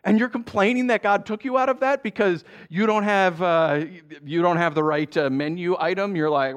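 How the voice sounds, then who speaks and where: A man preaching a sermon in a conversational way, with quick asides and laughter. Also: high-pitched, lively intonation, a bit bright. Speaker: pastor.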